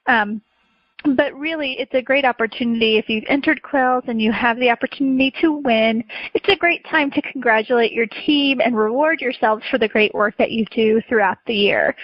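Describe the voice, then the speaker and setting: A woman speaks as a guest on a podcast interview, friendly and casual, with frequent ums. Her voice sits on the higher side, heard in close, dry and somewhat muffled audio. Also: no room sound. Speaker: association president, interview guest.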